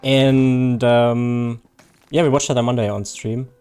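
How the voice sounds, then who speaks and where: A man's voice: medium pitch, little pitch movement, takes it slowly, a little mellow, clear, resonant tone. A man chatting casually on a live game stream, reading viewer chat, joking and laughing often.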